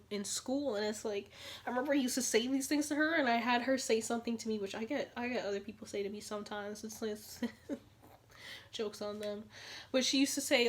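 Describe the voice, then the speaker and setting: A young woman with a mid-range voice vlogs casually to her camera. She's chatty and animated, repeats lines for emphasis, and slips into whispered asides.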